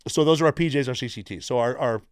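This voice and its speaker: A middle-aged man from the United States, a former Navy SEAL guest telling stories in a casual, profane, animated way. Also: medium pitch, fast, clear, resonant tone, dry recording, clean studio sound. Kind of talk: casual storytelling.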